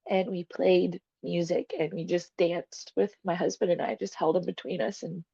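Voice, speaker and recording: A woman's voice: on the low side, little pitch movement, normal speed, creaky, mellow, breathy edge, dry recording. A young woman telling a personal story as a podcast guest, candid and emotional, swearing freely and laughing often. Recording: dull, dry, lo-fi podcast sound.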